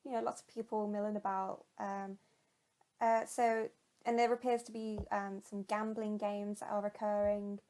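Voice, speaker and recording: A woman's voice: medium pitch, level tone, normal speed, mellow. A woman acting as game master, describing scenes and laughing often while she narrates. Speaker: dungeon master.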